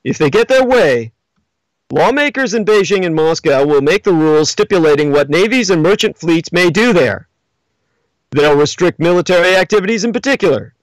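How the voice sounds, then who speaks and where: A man hosting a livestream, lecturing in a monologue with emphatic, theatrical swings in pitch, spelling out names as he goes. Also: animated, moderate pace, no room sound, poor audio. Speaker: livestream host.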